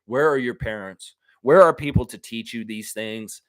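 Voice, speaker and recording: A man's voice: moderate pace, no echo. A man hosting a basketball fan live stream, chatting casually, reading viewer comments and ranting with the odd swear. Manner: animated, jumps into high-pitched mock voices when quoting people.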